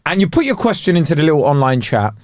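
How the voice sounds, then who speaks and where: A man co-hosting a podcast in casual chat, animated and laughing often, close to the mic in a dry room. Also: fairly high pitch, fast, no room sound. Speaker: podcast co-host.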